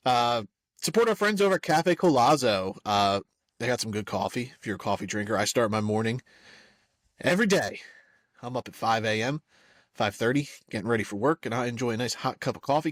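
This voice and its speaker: A young man in an easygoing sports chat, his voice sitting in an ordinary middle pitch. He talks loosely, with plenty of filler words. The recording is close and dry. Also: dry recording. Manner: laid-back, rambling, lots of filler words. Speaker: podcast co-host.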